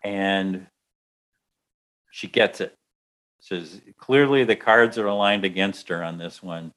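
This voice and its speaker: A man telling a story aloud in a lively way, acting out the voices. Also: deep voice, slow pace. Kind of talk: telling an anecdote.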